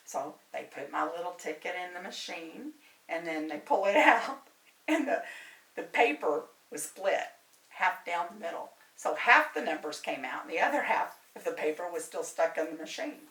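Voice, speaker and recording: A woman tells a story as a guest in casual chat, chatty and quick to laugh. Her voice is bright and swings widely in pitch. She sounds set back from the mic in a roomy space with faint noise behind. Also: far from the mic. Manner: animated, chatty, laughs often. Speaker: medium and tarot reader, guest.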